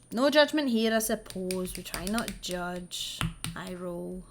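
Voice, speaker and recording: A woman's voice: on the low side, expressive, a little slow, background noise. Woman vlogger, casual and sweary storyteller with wry asides. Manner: doing her makeup while she talks. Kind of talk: casual true-crime storytelling.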